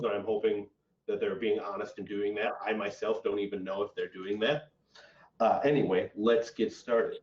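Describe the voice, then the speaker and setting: Distant echoey man telling a story. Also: fairly low pitch. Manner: relaxed, rambling with fillers. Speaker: improv host. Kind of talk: casual storytelling. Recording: dull echoey audio from far off.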